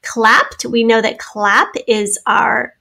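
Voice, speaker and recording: A woman teacher reading spelling words and sentences slowly, then going over the answers syllable by syllable. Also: a little high, flat delivery, bright, forceful tone, rough recording. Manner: slow, clearly enunciated dictation. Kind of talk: spelling test and answer review.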